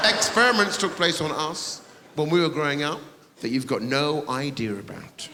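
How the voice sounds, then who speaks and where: A man's voice: fairly high pitch, moderate pace. A middle-aged man performing stand-up comedy on stage, playful and mocking. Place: theatre stage. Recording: echoey hall with crowd noise. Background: audience laughter.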